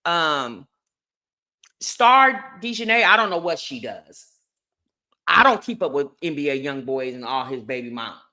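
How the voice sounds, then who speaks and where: Chatty woman with a bright, lively voice. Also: low voice, measured pace, pauses often. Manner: chatty, opinionated, addresses viewers as y'all. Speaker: commentary host. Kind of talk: casual gossip commentary.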